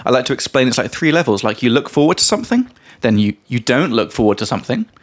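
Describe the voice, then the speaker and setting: A man's voice: medium pitch, very animated, fast talker. A young man hosting a casual teaching chat, rambling with many fillers and explaining words as he goes. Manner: rambling, lots of fillers, laughs, mimics voices. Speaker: podcast host, English teacher.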